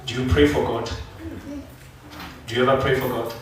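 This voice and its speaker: A man preaching a sermon in a church, telling a Bible story with lively acted-out quotes. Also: medium pitch, normal speed, a little hiss or hum. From South Africa. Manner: animated storytelling, acting out biblical figures. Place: church sanctuary. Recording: echoey church hall from far off.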